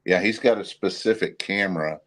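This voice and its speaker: A man's voice: sits low, brisk, a bit bright. A man appearing as a podcast guest, speaking in casual chat with a hesitant, thoughtful way of talking.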